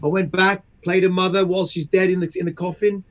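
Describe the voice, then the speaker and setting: Animated high-voiced man telling stories. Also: fast. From England. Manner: profane, animated, acts out voices. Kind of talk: casual storytelling chat.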